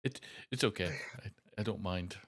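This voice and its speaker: A man hosting a live esports stream, wrapping up casually with halting, filler-filled speech. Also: deep voice. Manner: halting, many filler pauses.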